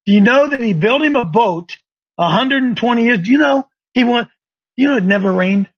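Emphatic high-voiced folksy male preacher. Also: animated, brisk, no echo, muffled recording. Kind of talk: sermon.

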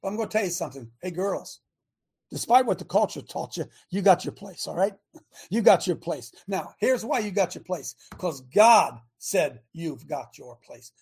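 Husky high-voiced man preaching hard. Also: expressive, normal speed, darkish tone. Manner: emphatic, rhetorical, drawing out key words. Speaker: radio show host. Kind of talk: fiery preaching talk.

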